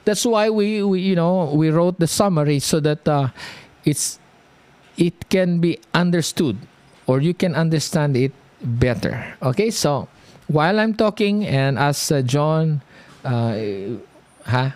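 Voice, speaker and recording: Lively slow-talking preacher man. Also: on the high side, no echo. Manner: lively, animated, drawn-out delivery, frequent "okay?" check-ins. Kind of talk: sermon teaching.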